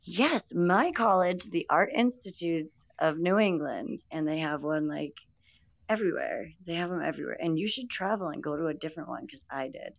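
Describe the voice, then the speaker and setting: A young woman hosting a casual livestream chat from her phone, swearing freely, fumbling her words, her voice going raspy from talking so much. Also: low-pitched, lively intonation, moderate pace, no echo, dull audio. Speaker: livestream host.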